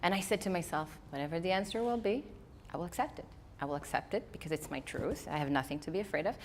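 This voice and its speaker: A woman who is not a native English speaker, giving a lively storytelling motivational talk to a live audience. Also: fairly low pitch, quick pace, slight background noise. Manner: animated storytelling, acting out her own inner voice. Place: event hall before a live audience.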